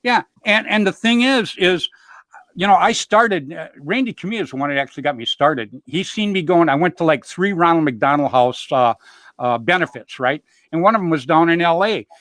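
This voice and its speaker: Middle-aged male host, casual rambling stories, self-joking, somewhat high pitch, dry close sound. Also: lively intonation, moderate pace, fairly bright tone, no echo. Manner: rambling, peppered with "you know"; upbeat, jokes about himself. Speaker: show host. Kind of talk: casual storytelling chat.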